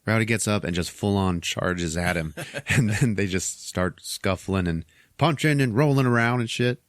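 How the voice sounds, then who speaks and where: A man with a deep, low voice recaps a film scene by scene on his podcast. He swears freely and chuckles as he goes. The recording is dry and close. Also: moderate pace, no room sound. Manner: profane, chuckling, animated retelling. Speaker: podcast host. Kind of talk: casual movie recap.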